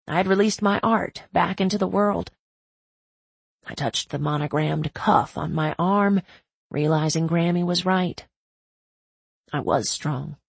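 A woman's voice: lowish voice, gravelly, slightly rough, no room sound. A woman giving intimate, emotional first-person audiobook narration.

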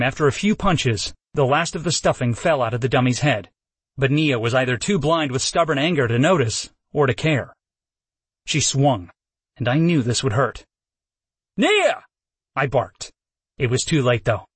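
A man reading a first-person story aloud in a calm, measured storytelling voice. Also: mid-range voice, husky, no echo. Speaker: audiobook narrator. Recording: dry close studio sound.

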